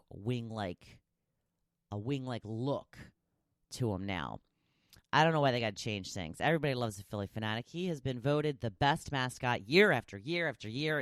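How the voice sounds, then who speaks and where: A woman's voice: rumbling low, dry recording, clean studio sound. A woman hosting a podcast, chatting casually and opinionated as she reads out listener replies. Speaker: podcast host. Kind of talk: casual solo chat reading listener replies.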